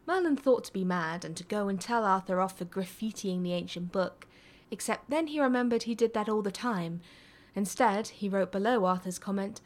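Woman, story reader, calm, soft-spoken, near-whispered passages. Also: medium pitch, brisk. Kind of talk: reading fan fiction aloud.

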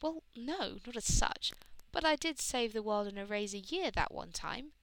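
A woman's voice: fairly high pitch, expressive, normal speed, creaky, fairly bright tone, slight background noise. A woman reading the part of a sensible young woman doctor, matter-of-fact in tone.

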